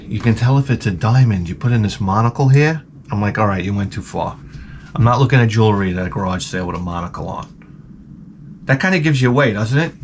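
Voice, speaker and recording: A man hosting his own channel, telling crude, rambling comic stories and breaking into sudden high-pitched outbursts. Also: a little hiss or hum. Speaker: channel host.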